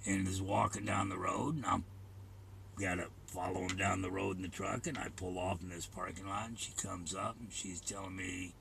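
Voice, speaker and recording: Gravelly, blunt older man telling a story. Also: deep voice, steady tone, moderate pace, a bit bright, a little hiss or hum. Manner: blunt, crude, profane. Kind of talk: casual spoken storytelling.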